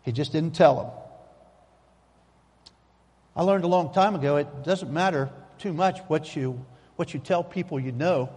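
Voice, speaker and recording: A man's voice: fairly high pitch, unhurried, long pauses, a little mellow, husky. A man preaching a sermon in a folksy, emphatic way, repeating his key phrases, in a church sanctuary. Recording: long hall reverb.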